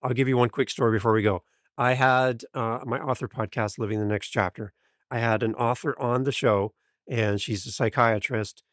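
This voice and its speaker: A man guesting on a podcast, an energetic and enthusiastic storyteller. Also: mid-range voice, moderate pace, no room sound, clean studio sound. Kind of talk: interview storytelling.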